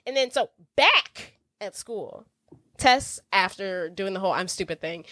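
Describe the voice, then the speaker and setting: A woman's voice: medium pitch, a little slow, no room sound, studio quality. A woman co-hosting a podcast, casually retelling a movie and adding jokes and reactions. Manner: expressive, chiming in with jokes and reactions. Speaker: podcast co-host. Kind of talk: casual chat recapping a movie.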